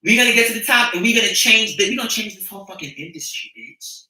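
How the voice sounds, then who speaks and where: Woman, fervent profane ranting, sharp bright voice, echoey room, off-mic. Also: mid-range voice, lively intonation, fast, recorded from a distance. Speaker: streamer addressing her followers. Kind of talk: impassioned livestream monologue.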